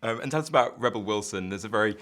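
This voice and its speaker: Fast-talking low-voiced male interviewer. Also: lively intonation, a bit bright. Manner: brisk, polite questioning with "um" openers. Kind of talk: press junket interview.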